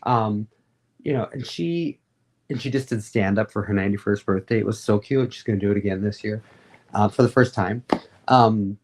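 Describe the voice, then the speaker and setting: A woman being interviewed, telling stories in a rambling, animated and candid way, with frequent fillers. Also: a bass voice, normal speed. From Florida. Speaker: guest, advocate and radio host. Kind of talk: casual interview storytelling.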